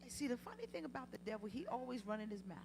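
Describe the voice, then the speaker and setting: A woman preaching a sermon in a church, swinging from quiet to loud, passionate peaks, with humorous asides. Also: a little high, big pitch swings, very fast, vocal fry. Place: church sanctuary.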